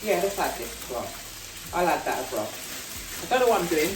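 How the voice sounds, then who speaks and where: With a London accent, a South London woman makes casual, self-mocking chat for her cooking vlog in her home kitchen. Her voice is on the low side, a little fast, with big pitch swings. The mic is far off in an echoey kitchen, picking up background noise and frying, sizzling food.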